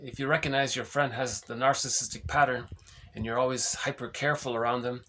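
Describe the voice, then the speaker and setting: A man's voice: mid-range voice, fairly even intonation, fairly quick, sharp tone, slight background noise. A man giving an informal spoken lesson, explaining ideas conversationally, often restarting sentences and ending points with "right?". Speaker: lecturer on psychology.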